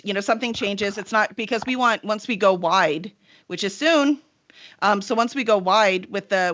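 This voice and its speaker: With a mid-range, gravelly and slightly bright voice, this woman hosts a casual live-streamed chat as a publisher and show host. She's chatty, rambling through long run-on thoughts packed with fillers, and the audio is lo-fi.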